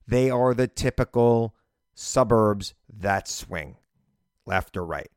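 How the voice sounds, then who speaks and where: A man's voice: lowish voice, dry recording, studio quality. A male podcast host with a light Long Island accent, talking politics in a blunt, conversational way with wry asides. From Long Island, New York.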